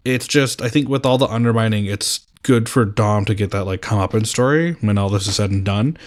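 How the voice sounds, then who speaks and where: Tired, laid-back man, low voice. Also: brisk. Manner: laid-back, trails off with fillers. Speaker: podcast co-host. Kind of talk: casual chat.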